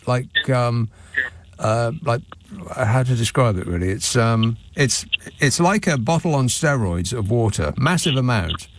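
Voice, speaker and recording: A man's voice: mid-range voice, slight background noise. Guy hosting a late night phone-in, dry self-mocking jokes, studio mic. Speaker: radio phone-in host. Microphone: studio microphone.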